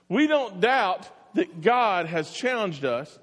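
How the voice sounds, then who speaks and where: A man preaching a sermon, telling the story in an animated way and acting out the voices. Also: sits high, slow, hardly any pauses. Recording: long hall reverb.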